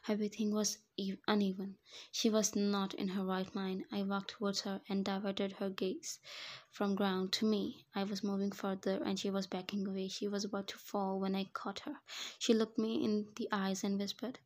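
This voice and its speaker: A woman narrating a first-person fan fiction story in a flat, even reading voice. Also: medium pitch, normal speed.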